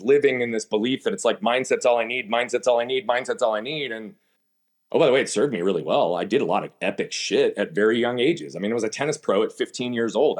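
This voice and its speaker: A man as an interview guest, telling his story candidly and emphatically and asking himself rhetorical questions. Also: mid-range voice. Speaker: podcast guest.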